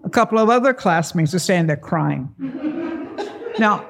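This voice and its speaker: Before a live crowd, a man recounts something that happened to him, his gravelly voice sitting slightly higher than typical. At a moderate pace he brings it to life animatedly, impersonating the other figures involved.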